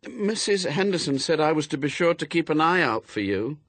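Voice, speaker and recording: A man reading aloud, voicing a tearful young woman who speaks softly and stammers. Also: on the high side, big pitch swings, brisk, no room sound, voice pushed up, full character voice. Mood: brightening. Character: young woman, tearful, shy then brightening.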